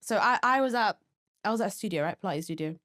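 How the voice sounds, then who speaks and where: A woman's voice: medium pitch, animated, fast talker, a bit bright. A young woman co-hosting a podcast in casual chat, blunt and teasing, with slangy reactions. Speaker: podcast co-host.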